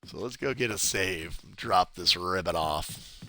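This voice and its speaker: A man from California streams a game walkthrough live, chatting casually, rambling and welcoming viewers. His voice is low yet expressive, pushed and bright, delivered at a measured pace, with slight background noise.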